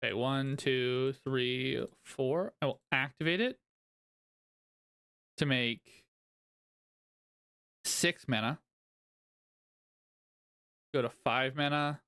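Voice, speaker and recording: A man casually narrating his own card game play, thinking aloud, counting out loud and laughing often. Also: mid-range voice, fairly even intonation, drawn-out words, pauses often, clear, resonant tone. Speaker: card game content creator. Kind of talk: casual gameplay commentary.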